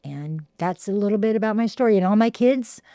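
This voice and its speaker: A woman, telling her recovery story in a halting way with repeated words and fillers. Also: medium pitch, lively intonation, dark tone, no echo, clean studio sound. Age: 60s. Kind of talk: heartfelt personal testimony.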